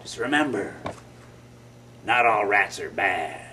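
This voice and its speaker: A man voicing a huge, calm, gruff rat in a told story. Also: fairly low pitch, slow pace, far from the mic, a little hiss or hum, pitched below the performer's own voice, full character voice.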